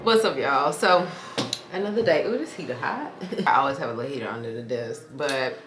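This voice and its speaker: A woman's voice: very deep voice, animated, a little fast, over loud music. A tired woman vlogger chatting casually to camera at home, calling her viewers y'all and friend. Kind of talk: casual vlog chat to camera. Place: her home, indoor rooms. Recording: echoey room at home.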